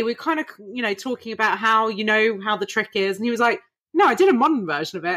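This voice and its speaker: A woman chatting casually, expressive and jokey. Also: on the high side, quick pace. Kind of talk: casual chat.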